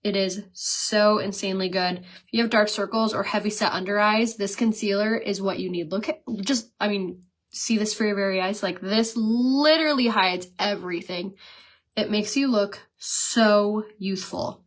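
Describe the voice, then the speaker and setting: A woman in her thirties chatting casually on a live stream while she does her makeup. She talks fast, says "like" a lot and laughs often. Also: medium pitch. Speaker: makeup seller and vlogger. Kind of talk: casual livestream chat while doing makeup.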